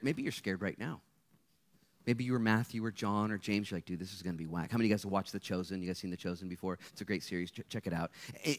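A young man preaching to a crowd in a relaxed, joking way, as if talking with friends. His mid-range voice drops to near-whispers and then climbs to loud peaks. He sounds like a guest speaker at a student gathering. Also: mid-range voice. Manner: joking, conversational, swings from hushed to loud. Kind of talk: casual campus sermon.

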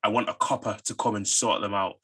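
A man's voice: on the low side, fairly even intonation, quick pace, a bit bright, husky. A man from Manchester with a Mancunian accent, co-hosting a podcast and arguing his point persistently in casual debate. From Manchester, England.

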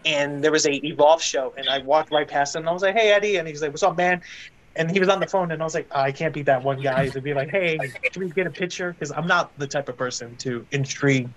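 A man's voice: fairly high pitch, fairly quick, a bit bright, highs cut off. Rambling young man telling stories. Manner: rambling, many fillers like "like" and "uh". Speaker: guest, aspiring wrestling broadcaster. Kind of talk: casual interview storytelling.

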